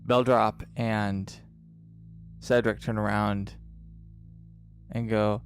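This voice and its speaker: A man narrating a tabletop game as game master, in a dramatic, drawn-out style with pauses. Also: fairly low pitch, level tone, vocal fry, faint music behind.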